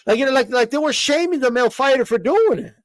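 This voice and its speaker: On a live stream, a boxing commentator rants with casual, opinionated takes, swearing, repeating words, and firing rhetorical questions. His voice is very high and expressive, quick-paced, with no room sound.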